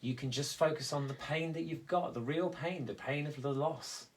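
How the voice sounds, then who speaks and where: A man speaking earnestly in a reflective conversation, halting and restarting as he explains how he copes with loss. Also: on the high side. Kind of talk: reflective conversation about grief.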